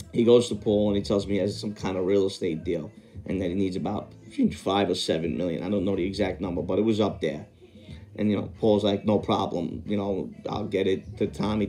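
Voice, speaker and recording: A podcast host with a lowish, dark voice tells a long story casually, wandering off and correcting himself. He rambles and stops to recall details.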